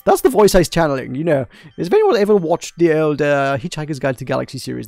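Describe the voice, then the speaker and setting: A man's voice: fairly high pitch, big pitch swings, fast talker, vocal fry, mellow, no room sound, faint music behind. A man hosting a let's play, chatting casually and self-deprecatingly between lines. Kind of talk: casual game commentary.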